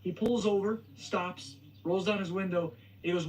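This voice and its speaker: A man's voice: sits high, steady tone, moderate pace, distant mic, slight background noise, poor audio. Young man telling a story, heard from across the room. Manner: hesitant, stuttering retelling. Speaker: video host. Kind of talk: storytelling vlog. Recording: video playing from across the room.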